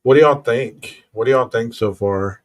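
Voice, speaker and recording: A man's voice: mid-range voice, moderate pace. Man reading a case report. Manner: casual, reads documents then comments to listeners. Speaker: podcast host. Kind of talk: true crime podcast, reading reports aloud.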